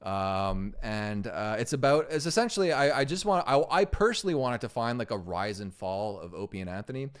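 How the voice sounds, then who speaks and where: A man's voice: mid-range voice, sing-song, a little fast, hardly any pauses, clean tone. A man streaming live and reacting to videos, talking casually to his chat, rambling and swearing often. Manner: profane, rambling, easily distracted.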